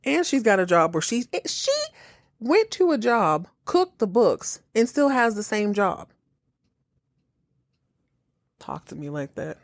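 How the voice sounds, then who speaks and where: A woman hosting a podcast, reacting to a TV episode in casual, exasperated commentary, cursing freely and slipping into quick mocking impressions. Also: fairly high pitch, dry recording. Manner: animated, exasperated, swears freely, mocks characters in quick impressions. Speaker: podcast host reacting to a TV show.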